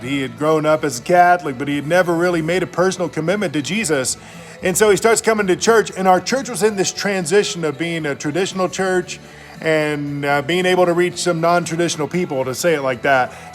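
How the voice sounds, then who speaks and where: A middle-aged man, a pastor, telling stories in a casual, enthusiastic, slangy motivational talk. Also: on the high side.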